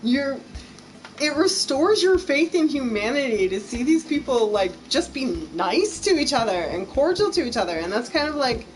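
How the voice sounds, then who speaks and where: A woman's voice: high-pitched, sing-song, normal speed, poor audio. Chatty American woman streaming a game. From United States. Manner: chatty, gushing, laughs easily. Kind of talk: casual let's-play chat.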